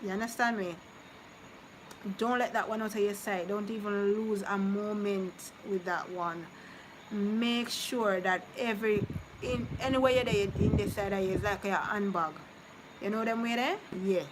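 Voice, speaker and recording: Woman streamer, mid-pitched, chatty and consoling, noisy background, live vlog. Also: fairly even intonation, moderate pace. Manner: chatty, consoling then teasing, drifts between topics. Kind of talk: casual live-stream chat with viewers. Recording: noticeable background noise.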